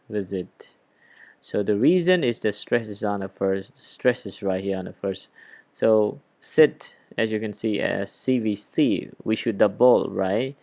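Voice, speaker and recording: A man with a fairly low, gravelly voice teaches an online grammar lesson. He punches key words, spells out letters slowly and keeps checking in with "okay?" and "all right?". The sound is dry, with no room echo. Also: a little mellow. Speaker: English teacher.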